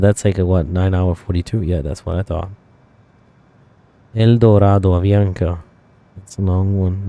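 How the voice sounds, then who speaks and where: Mellow, low-voiced man musing over flights. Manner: thinking aloud, rambling with fillers and self-corrections. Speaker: flight sim streamer. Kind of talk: casual live-stream chat.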